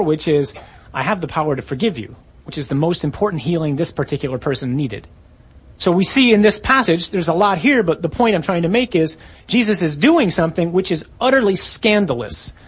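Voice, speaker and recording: A man giving a sermon, acting out scripture quotes and asking rhetorical questions with animated delivery. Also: fairly high pitch, breathy edge. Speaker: preacher.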